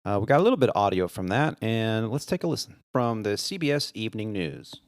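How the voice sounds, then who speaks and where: A low, gravelly man with a lively, swooping delivery, telling a story on a podcast. He is recorded close on a dry studio mic and acts out the people in his tale. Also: fast, dry recording. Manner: animated joke-teller, voices the characters. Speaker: podcast co-host. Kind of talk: casual storytelling chat.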